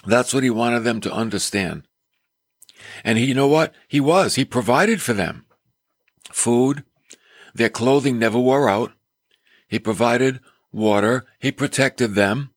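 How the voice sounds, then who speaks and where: A man's voice: medium pitch, animated, measured pace, long pauses, no echo, clean studio sound. A male preacher delivering a sermon in an emphatic storytelling manner. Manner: emphatic, storytelling with acted quotes.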